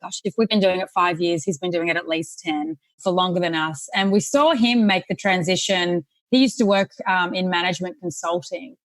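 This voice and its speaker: A woman's voice: fairly low pitch, steady tone, normal speed, hardly any pauses, no room sound. A woman in her thirties from Sydney with an Australian accent, a podcast guest talking casually and laughing easily as she tells her story. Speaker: guest, real estate investor. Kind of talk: casual interview conversation.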